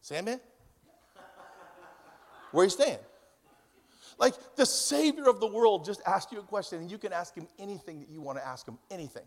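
Male pastor, 50s, storytelling sermon; gravelly, long church reverb. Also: high voice, animated, fast talker, few pauses. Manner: storytelling, swings from loud to hushed. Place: church hall.

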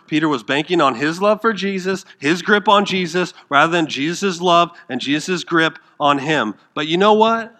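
A pastor preaches a sermon in a fairly high, bright, forceful voice. He's dramatic, swinging between loud, emphatic bursts and hushed near-whispers. He asks his listeners questions and acts out quoted lines.

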